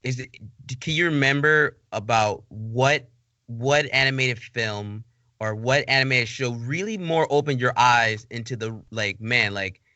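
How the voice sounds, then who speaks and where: Bright-voiced man hosting an interview. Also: mid-range voice, no room sound. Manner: halting, repetitive questions. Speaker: podcast host. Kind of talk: casual interview talk.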